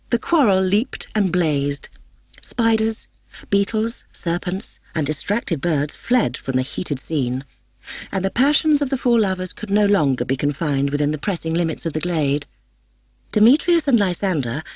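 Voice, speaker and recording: A woman narrating a classic story as an audiobook, in a measured and expressive storytelling manner. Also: deep voice, no room sound.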